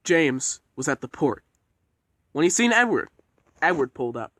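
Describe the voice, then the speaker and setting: A man's voice: on the high side, very animated, normal speed, bright, forceful tone, no echo. A man casually narrating a homemade train story, rambling and swearing as he goes. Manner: rambling and profane.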